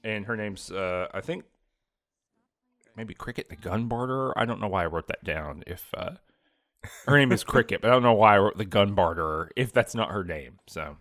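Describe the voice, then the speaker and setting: A man co-hosts a podcast, rambling playfully and casually about a video game. His lowish voice is expressive and fairly bright at a normal speed, recorded in a clean studio with no room sound.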